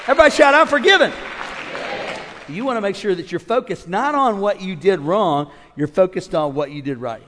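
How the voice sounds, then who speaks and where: A man in his fifties preaching a sermon, swinging between loud calls to the congregation and quiet storytelling. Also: high-pitched, moderate pace, few pauses, a faint crowd. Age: 50s. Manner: animated preacher, shifts from shouting to quiet storytelling. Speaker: pastor. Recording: long reverb of a large hall.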